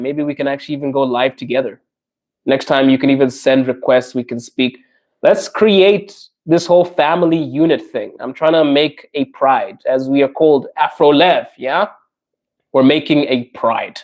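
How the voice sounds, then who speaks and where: A young adult man hosting a casual livestream podcast, reading viewer comments and chatting with viewers in a friendly, talkative way. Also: medium pitch. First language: not Russian; learning Russian. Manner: friendly, chatty, laughs often, addresses viewers directly. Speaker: podcast host reading live chat comments.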